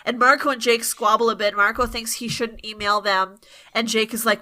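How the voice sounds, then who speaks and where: Chatty woman with a bright voice. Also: a little high, fairly even intonation, normal speed. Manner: chatty, laughing, swears freely. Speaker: podcast host. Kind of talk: casual chat recapping episodes.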